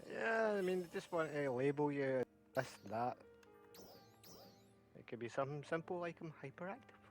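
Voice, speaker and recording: Relaxed man chatting during a game. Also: a little high, moderate pace, faint music behind. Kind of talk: casual chat while gaming.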